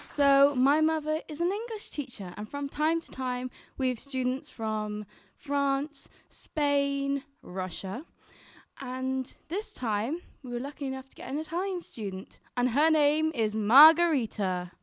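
A woman's voice: sits high, lively intonation, unhurried, no room sound, studio quality. A young woman telling a personal story on stage, chatty and quoting her own thoughts.

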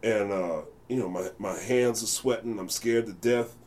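An American jazz bassist, a guest in a casual interview, tells animated stories and acts out other people's voices. His voice is fairly low and his pace moderate.

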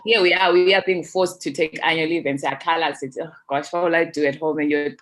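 A woman's voice: deep voice, fairly even intonation, fast. A woman co-hosting a podcast in casual chat, making wry, teasing remarks. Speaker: podcast co-host.

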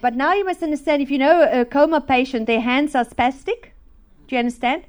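Speaking briskly in a high-pitched voice, a woman at a church gives a testimony sermon about her personal faith, voicing the characters in the story herself.

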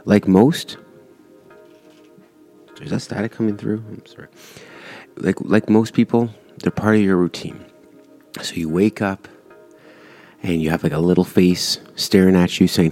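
Man, low voice, casual solo podcast, rambling, self-correcting, faint background music. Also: steady tone, a little slow, long pauses, a little mellow. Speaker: podcast host.

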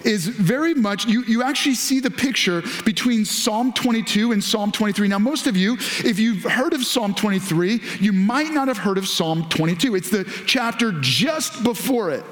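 A male pastor preaching a sermon to several campuses, animated, lifting his voice when he quotes scripture. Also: high-pitched, normal speed, few pauses. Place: large church auditorium. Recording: echoey hall.

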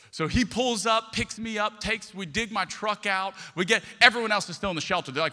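A man's voice: high voice, a little fast, hardly any pauses, pushed and bright. A man, preaching a sermon as pastor and telling stories, acting out the voices he quotes. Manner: storytelling, acts out quoted voices. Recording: long hall reverb.

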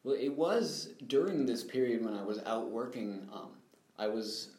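A man's voice: mid-range voice, expressive, moderate pace, a little mellow. A young man, a guest in an interview, recounting his life story in an earnest, reflective way. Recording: roomy echo.

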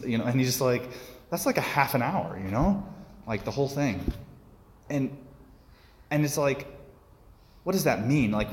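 A man preaching a homily in a loose, conversational way, full of fillers and restarts. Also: mid-range voice. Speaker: priest. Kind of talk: sermon. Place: church. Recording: echoey church hall.

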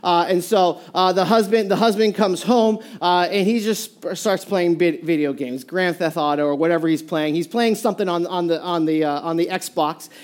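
A preacher giving a sermon, telling a story in a lively way with many restarts and short laughs. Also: mid-range voice, normal speed, hardly any pauses.

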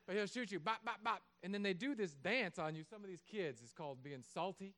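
A man in his thirties, a pastor preaching a sermon in a church, animated and joking, acting out little voices. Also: sits high, a little fast. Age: 30s.

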